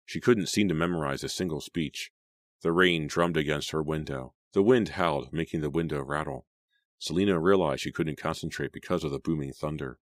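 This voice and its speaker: A man reading a horror audiobook in a steady, suspenseful narration. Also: a bass voice, fairly quick, no echo.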